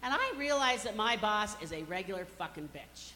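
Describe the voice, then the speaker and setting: A medium-pitched, expressive woman speaks at a moderate pace, her tone pushed and bright. She's a comedian in her fifties from Colorado, using a stage microphone for brash, self-mocking bits, recorded in an echoey hall with faint background noise.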